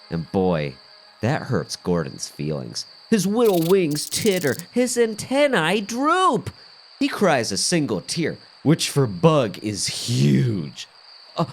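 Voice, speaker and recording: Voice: mid-range voice, a little hiss or hum, exaggerated voice. A comedian playing a goofy, tough-talking garden bug who tells a rambling story, with faint music behind. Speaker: comedy podcast improviser. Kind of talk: improvised comic monologue.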